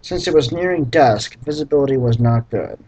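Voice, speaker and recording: Male reader with a husky, mid-pitched voice, drily mocking the text as he reads. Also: fairly quick, poor audio. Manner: deadpan, sarcastic, profane asides. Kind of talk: sarcastic dramatic reading with commentary.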